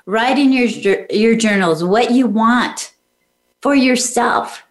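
A middle-aged woman hosting a podcast, her voice sitting a little high. She speaks encouragingly and turns to the listeners with question after question. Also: takes it slowly, echoey room. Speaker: podcast host. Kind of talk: motivational podcast talk.

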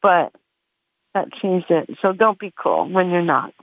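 A woman's voice: lowish voice, measured pace, dry recording. Rambling woman comedian, chatting through her stand-up bit with lots of fillers. The sound is dry and squeezed down like a phone call. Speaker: comedian guest. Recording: dry, tinny phone line.

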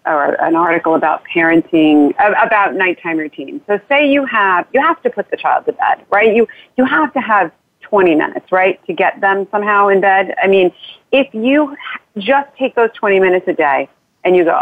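A woman's voice: mid-range voice, lively intonation, normal speed, no echo. A woman, an author being interviewed, talking in an earnest, rambling way with restarts and light laughs. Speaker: author guest. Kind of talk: casual interview talk. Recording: tinny phone line.

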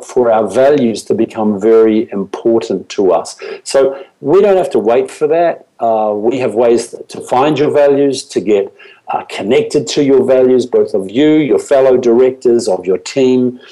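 A man's voice: mid-range voice, mellow, rough recording. A man speaking as a business coach on a show, telling stories earnestly and often restarting his sentences with fillers.

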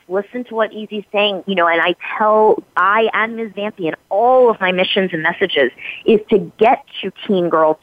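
A woman's voice: mid-range voice, no echo. Woman, interview guest, emphatic, motivational, repeats for stress, phone-like tinny sound. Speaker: actress and guest. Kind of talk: podcast interview. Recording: tinny phone-like line, dry.

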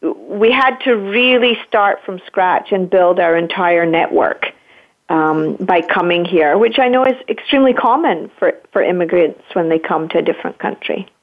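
A woman, a guest on an interview show, speaking reflectively and sometimes pausing to search for words. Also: fairly low pitch. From Scotland. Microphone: phone. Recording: tinny phone line.

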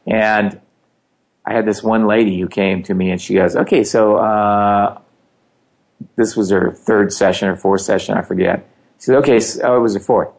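A man's voice: fairly low pitch, steady tone, moderate pace, gravelly, darkish tone. A middle-aged man telling his story in casual conversation, animating the quoted dialogue.

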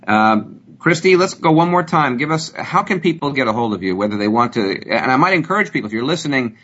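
A man's voice: mid-range voice, animated, fast talker, a bit bright, slightly rough. A man hosting a radio health show, talking in a friendly, conversational way with many fillers. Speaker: radio show host, doctor. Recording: dull lo-fi broadcast audio.

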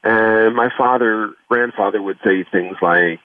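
A man's voice: fairly low pitch, a little slow, no room sound. A man telling his personal story earnestly and reflectively in an interview, heard over a phone line. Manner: earnest, reflective, lots of "you know". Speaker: guest, foundation founder. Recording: tinny phone line, distant from the mic.

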